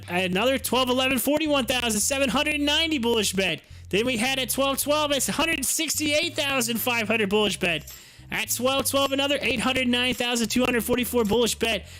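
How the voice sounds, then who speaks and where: A man hosting a live stock market stream, reading a long list of trades in rapid-fire fashion with playful hype. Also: very high-pitched, pushed and bright. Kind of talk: casual live stream commentary. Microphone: desk microphone.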